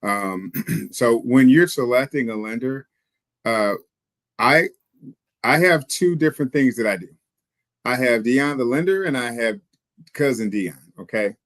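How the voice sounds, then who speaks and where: A mortgage lender explaining pre-approvals in a confident, joking manner. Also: male voice, mid-range voice, lively intonation, a little slow, long pauses, fairly bright tone, dry recording. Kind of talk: casual explanatory talk.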